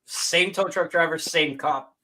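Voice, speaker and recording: Slow-talking, bright-voiced man. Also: a little high. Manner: slow, halting storytelling. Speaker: podcast regular. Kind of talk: casual chat.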